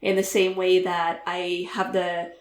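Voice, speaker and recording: A woman's voice: fairly low pitch, monotone, measured pace, echoey room. A woman guest author talking candidly in a podcast interview, laughing easily, with lots of "like" and "um".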